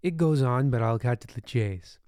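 A man narrating a comic bedtime story in a deadpan, rambling way with ominous asides. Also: medium pitch, moderate pace, no room sound, clean studio sound.

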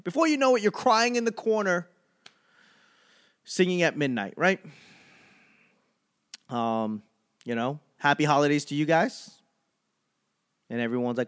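A man doing a rambling, animated stand-up comedy monologue, ranting with frequent fillers. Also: a little high, moderate pace, long pauses.

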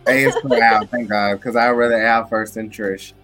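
A man's voice: fairly low pitch, flat delivery, moderate pace, over music. A man co-hosting a casual chat show, talking with sassy, dramatic asides. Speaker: podcast co-host.

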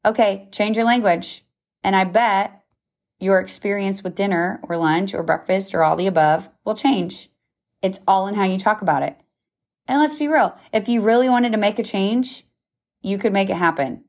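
A woman's voice: medium pitch, normal speed, a little mellow. A woman in her thirties hosting a podcast, giving a casual motivational talk with emphatic check-ins like "okay?" and "right?", laughing at herself now and then. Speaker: podcast host.

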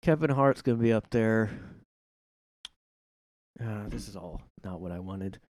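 This podcast host's voice is on the low side, darkish in tone, and moves at a measured pace; the recording is dry with clean studio sound. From his room, he rants casually through solo commentary on his own show, rambling, sarcastic, and swearing heavily.

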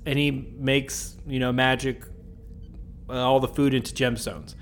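A man's voice: mid-range voice, steady tone, a little slow. A man hosting a podcast, recapping an episode in a casual, joking way with rambling asides. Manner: jokey, rambling asides with chuckles. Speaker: podcast host.

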